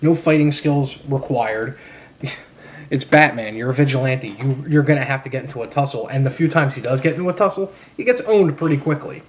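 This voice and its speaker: A man's voice: mid-range voice, brisk. A young man ranting casually about a film, blunt and sarcastic, swearing freely with many fillers and restarts. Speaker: vlogger reviewing a film. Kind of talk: casual rant.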